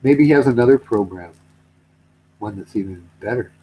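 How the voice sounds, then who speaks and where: A man's voice: mid-range voice, moderate pace, warm tone, slightly rough, low-quality recording. A man on a casual comedy chat show who tells rambling stories and swears freely. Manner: rambling storyteller, swears and acts out quotes.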